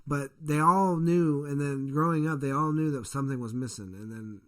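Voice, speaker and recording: A man's voice: on the high side, moderate pace, fairly bright tone. Rambling, cussing man telling a story. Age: adult parent. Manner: profane, rambling storyteller, acts out quoted voices. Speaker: podcast co-host. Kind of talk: casual podcast chat.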